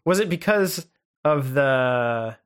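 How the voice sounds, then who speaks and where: A man in casual conversation about films, rambling with halting restarts and fillers. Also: medium pitch, animated, clean tone. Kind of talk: casual movie chat.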